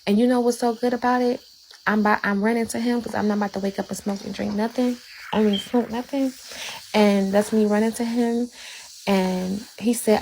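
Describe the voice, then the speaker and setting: A woman's voice: medium pitch, fairly even intonation, a little fast, vocal fry, warm tone, slight background noise. A woman fervently sharing a religious testimony, preaching and repeating phrases for emphasis. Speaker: guest.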